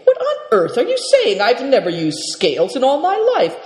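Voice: medium pitch, huge pitch swings, moderate pace, darkish tone, voice pushed up. A storyteller voicing a shrewd, jovial male trader who bargains with sly courtesy. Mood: sly, genial. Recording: reverberant, echoey room.

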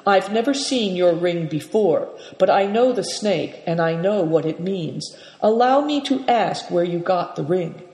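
A storybook reader voicing a kindly old nomad elder who speaks low and gently. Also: lively intonation, measured pace, few pauses. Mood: gentle. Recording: echoey room with long reverb.

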